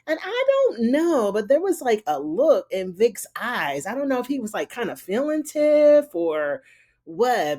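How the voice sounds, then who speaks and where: A woman's voice: mid-range voice, a little mellow. A woman recapping a TV episode in a loose, chatty way, full of "you know" and "honey". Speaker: TV recap reviewer. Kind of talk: casual spoken episode recap.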